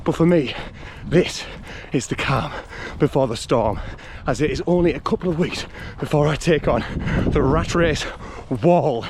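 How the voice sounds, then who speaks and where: A man's voice: fairly high pitch, a little slow, few pauses, background noise. A man with a North East English accent, chatting cheerily and laughing as he vlogs a trail run, out of breath. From North East England. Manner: chatty, cheery, laughs often, greets runners. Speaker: running vlogger. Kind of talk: casual vlog commentary while trail running. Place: outdoor hill and woodland trail.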